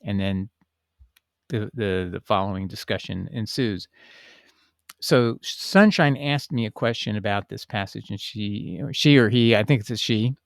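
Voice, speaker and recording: A man's voice: lowish voice, unhurried, creaky, no room sound. Man explaining scripture in a dry room. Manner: thinking aloud with fillers and restarts, reading passages aloud. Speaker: Bible teaching channel host. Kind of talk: casual spoken Bible commentary.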